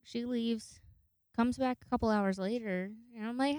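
Speaking slowly with frequent pauses, this twentysomething woman has a high, fairly even, slightly mellow voice that is clear and resonant. Her casual monologue is a rambling, heavily sworn story in which she performs the quoted voices of others. Dry, studio-quality recording.

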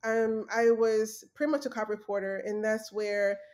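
A woman's voice: medium pitch, little pitch movement, normal speed, a little mellow. An earnest young adult woman telling her story in a casual interview, with fillers and restarts. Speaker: guest, former journalist.

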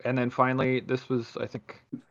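A man's voice: mid-range voice, a little fast. Man, podcast host, swears a lot, rambling stories, muffled lo-fi sound. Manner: profane, rambling, animated storytelling. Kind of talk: casual chat.

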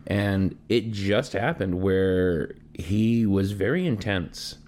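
A man's voice: low voice, slow, a little mellow. A man co-hosting a podcast, telling a work story in casual chat with many fillers and quoted lines. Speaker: podcast co-host; works in mental health care. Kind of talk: casual conversation.

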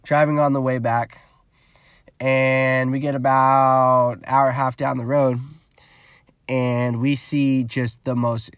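A man's voice: medium pitch, slow, clear, resonant tone, no echo. Casual vlogger, young man, profane storyteller, dry close recording. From California. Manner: rambling, profane, animated retelling with quoted dialogue.

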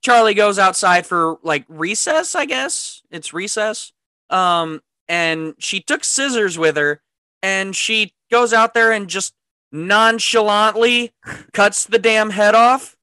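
Giggly, profane podcast co-host, bright voice. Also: mid-range voice, slow pace, no room sound, studio quality. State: says they are high. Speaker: podcast co-host recapping the film. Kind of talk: casual podcast chat. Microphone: podcast microphone.

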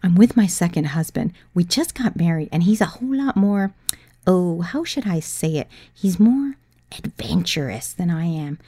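A woman voicing a shy, nervous newlywed woman who speaks in a hushed, hesitant way. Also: on the low side, fairly quick, dry recording, natural voice.

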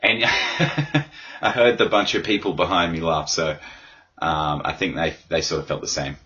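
A deep-voiced man hosts a casual solo podcast, hoarse and rambling with crude, self-deprecating humour. His tone is bright and forceful. The recording sounds dull and lo-fi. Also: unhurried. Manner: rambling, crude, self-mocking with frequent laughs. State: hoarse from yelling. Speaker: podcast host.

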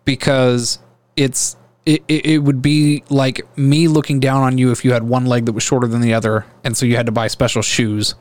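A man's voice: medium pitch, level tone, normal speed, dry recording. A man hosts an easygoing conversation, his voice recorded dry with almost no room sound. He argues his points by reaching for simple everyday comparisons. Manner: makes points through everyday analogies. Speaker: podcast host. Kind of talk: casual conversation.

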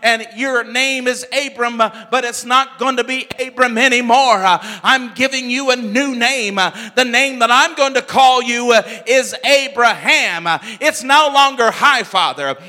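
A man's voice: very high-pitched, measured pace, hardly any pauses, in a large hall, voice pushed up, heavily acted. A man voicing God as a commanding figure who declares a new name and promise, in a sermon retelling. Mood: proclaiming. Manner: declaiming, rising loud.

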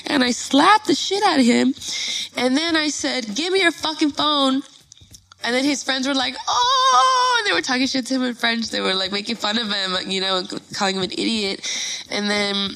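Gravelly-voiced woman telling a story. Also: a little high, a little fast, low-quality recording. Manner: animated, swears freely, many restarts. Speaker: guest performer. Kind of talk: casual storytelling chat.

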